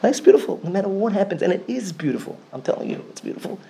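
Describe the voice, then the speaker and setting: Gravelly Yeshivish man telling a sermon story. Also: sits high, lively intonation, racing. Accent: Yeshivish English, Yiddish and Hebrew words. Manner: storytelling, swings from loud to near whisper. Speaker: rabbi giving a talk.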